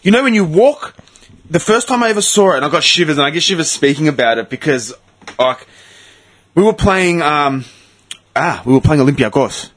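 Husky man swearing and storytelling. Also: fairly high pitch, expressive, fairly quick, a bit bright. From Greece. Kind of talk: casual chat.

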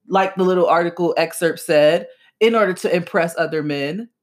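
Young woman ranting solo on her podcast, blunt and emphatic, lots of slang and cussing, voice shoots up high when she makes a point. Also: a little slow. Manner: emphatic, blunt and animated, with sudden high-pitched jumps; casual slangy talk with swearing. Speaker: podcast host.

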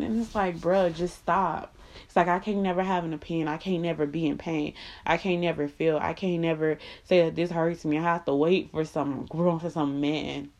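A woman's voice: low voice, a little mellow. A woman delivering an impassioned, profane monologue, blunt and emphatic with lots of repetition.

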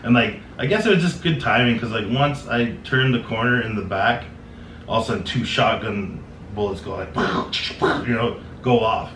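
A man's voice: lowish voice, normal speed, a bit bright. A young man from Canada telling casual, rambling stories, full of swearing, laughter and fillers like "like" and "man". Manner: laid-back, swearing, lots of "like" and "man", laughs often. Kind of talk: casual storytelling chat. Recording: echoey room, mic at a distance, noisy.

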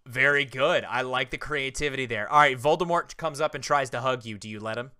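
A man in his thirties co-hosting a podcast, chatting casually and quizzing his co-host with teasing rapid-fire questions. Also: mid-range voice, bright, forceful tone, clear, resonant tone, dry recording, studio quality. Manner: playful, teasing quizmaster. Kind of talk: casual chat.

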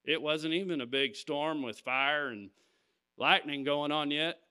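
A man's voice: on the high side, a little slow, pushed and bright, smooth. A man preaching, telling a personal story to his congregation and stopping to ask "Amen?". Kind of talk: sermon testimony.

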